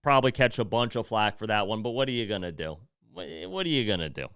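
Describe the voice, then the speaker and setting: A man's voice: lowish voice, expressive, fast talker, a bit bright, smooth, no echo, studio quality. A man hosting a podcast, ranting in a heated, profane, blunt way and breaking off now and then to apologize. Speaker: podcast host. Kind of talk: casual opinion rant.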